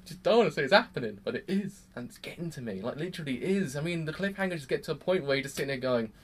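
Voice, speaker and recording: Male anime reviewer, slightly high voice, excitable and rambling, casual delivery. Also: very fast, breathy edge. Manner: excitable, exclamatory, rambling with many restarts.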